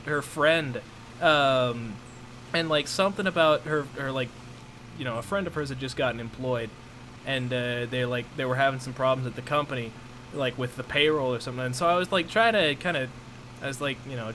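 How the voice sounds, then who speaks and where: Young male streamer, bright forceful voice, rambling anecdotes, faint background noise. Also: medium pitch. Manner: rambling, animated storytelling with many fillers and restarts. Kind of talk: casual chat, storytelling.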